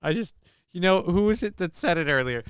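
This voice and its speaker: A high-pitched, animated man hosts a laid-back live stream, responding to news clips at a fairly quick clip. His clear, resonant voice carries rambling sarcasm and mock impressions of people in the clips, recorded dry in studio quality.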